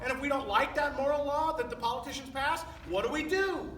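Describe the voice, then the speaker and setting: High, bright-voiced preacher in an echoey church. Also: male voice, fairly quick, hardly any pauses, slight background noise. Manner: emphatic, rhetorical questions to the congregation. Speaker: pastor. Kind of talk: sermon. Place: church sanctuary. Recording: echoey church recording from a distance.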